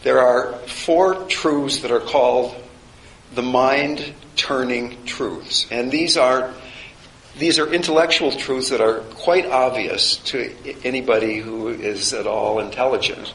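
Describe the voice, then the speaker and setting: A man's voice: mid-range voice, slow, vocal fry, fairly bright tone. Reflective man lecturing in a roomy space. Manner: reflective, conversational, with wry humor. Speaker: teacher of a chaplaincy course. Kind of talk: informal classroom lecture. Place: classroom. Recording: roomy with faint background noise.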